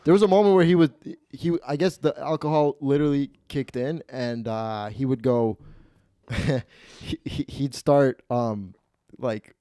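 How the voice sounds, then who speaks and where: A young man hosting a podcast, telling a story in an animated, profane, casual way with many restarts. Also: medium pitch, unhurried, no echo, clean studio sound. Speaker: host. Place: podcast studio.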